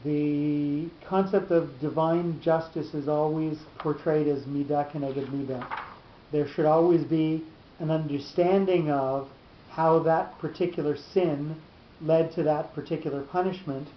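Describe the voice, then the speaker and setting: A man teaching a Torah class in a deliberate, halting explanatory lecture, often restarting his phrases. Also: fairly even intonation. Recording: roomy, dull lo-fi recording with faint rumble.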